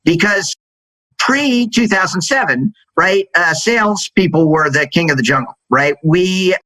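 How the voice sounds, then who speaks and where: A middle-aged man spins lively stories of his sales career, jumping up in pitch whenever he acts out what others said. His voice is bright and forceful, sitting a little high, and it is recorded dry and close with no room sound. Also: a little slow, no room sound, poor audio. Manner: animated, acts out quoted dialogue in a higher voice. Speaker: guest, sales executive. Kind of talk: storytelling interview answer.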